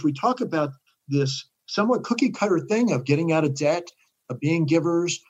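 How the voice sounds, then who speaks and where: An older man telling stories as a guest in a casual interview, animated and acting out the voices of the people he quotes. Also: on the high side, breathy edge, lo-fi sound.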